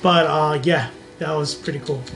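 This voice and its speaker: A man's voice: a little high, steady tone, normal speed, vocal fry. Rambling young man with a raised voice. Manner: rambling, many restarts. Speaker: podcast co-host. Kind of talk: casual chat.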